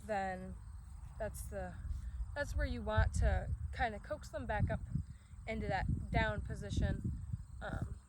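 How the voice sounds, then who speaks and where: A woman dog trainer explaining commands outdoors in a relaxed way, breaking off to give short commands to her dog. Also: mid-range voice, slow, long pauses. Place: outdoors in a grassy yard. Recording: outdoor recording with crickets and background noise.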